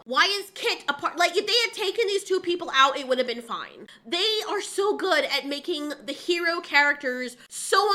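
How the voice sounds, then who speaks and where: A woman's voice: very high-pitched, sharp tone. A young woman ranting in a casual review, exasperated and swearing freely. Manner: exasperated, profane, fast venting. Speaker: TV series reviewer.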